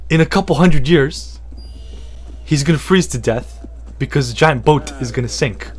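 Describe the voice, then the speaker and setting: A man's voice: on the high side, moderate pace. A man chatting casually as a podcast host, rambling, repeating himself and joking with lots of swearing. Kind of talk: casual comedic podcast chat.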